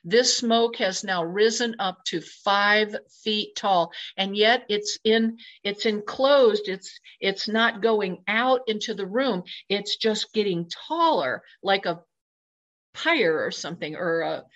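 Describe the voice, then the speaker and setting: Woman, mid-pitched, dramatic first-person storyteller with emphatic exclamations, slightly muffled lo-fi sound. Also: a bit bright. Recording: slightly dull lo-fi recording.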